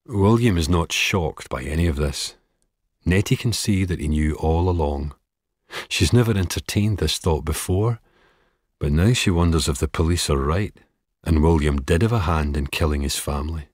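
A man narrating an audiobook in a measured, steady way. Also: rumbling low, dry recording, clean studio sound.

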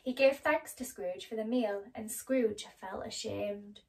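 A woman storyteller reading a children's story aloud in a gentle, expressive way. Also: medium pitch, slow, vocal fry, recorded from a distance, low-quality recording. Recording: voice a little off-mic.

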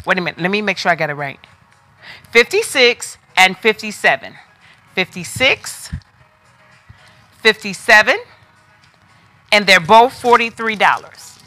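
A woman's voice: medium pitch, expressive, unhurried, long pauses, pushed and bright, faint music behind. A woman hosting a live online sale. She talks in a chatty, familiar way, calls viewers by name and repeats prices eagerly. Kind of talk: live shopping sales pitch.

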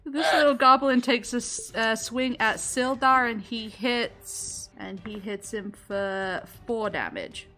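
A woman narrating as game master in a tabletop game, playful and quick to laugh. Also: fairly high pitch, sharp tone, faint music behind.

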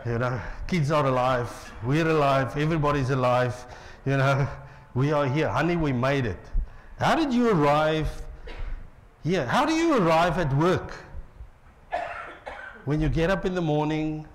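A playful middle-aged South African pastor preaching in church, his pitch leaping up and down as he teases the congregation. His voice sits a little high for a man. A faint hum of the room lies behind him. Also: expressive, measured pace. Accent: South African English. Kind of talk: lively sermon.

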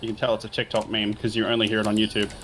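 A man's voice: lowish voice, completely flat delivery, rapid-fire, noisy background. A man playing tank in a raid, making sarcastic jokes over voice chat. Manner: joking, sarcastic banter. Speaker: tank player in a raid group. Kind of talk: casual voice chat during a game raid.

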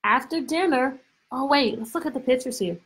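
A woman teacher reading a picture book aloud to her class over a video call, expressive and full of questions. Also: sits high, normal speed, slightly rough, low-quality recording. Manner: lively, expressive, stretches words, asks questions. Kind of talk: storybook read-aloud lesson.

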